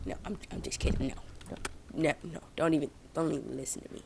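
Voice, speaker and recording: A woman's voice: low-pitched, quick pace, vocal fry, noisy background. A young woman casually chatting over a video game, rambling and poking fun at herself. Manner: rambling, self-mocking, talks to viewers. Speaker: gaming vlogger. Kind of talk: casual gameplay commentary. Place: home, indoors.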